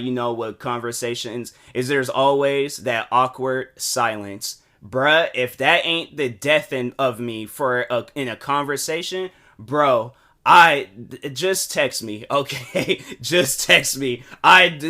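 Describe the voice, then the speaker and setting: A man's voice: a little high, sharp tone. A man hosting his own podcast, rambling with restarts and acted-out quotes. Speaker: podcast host. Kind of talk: casual solo monologue.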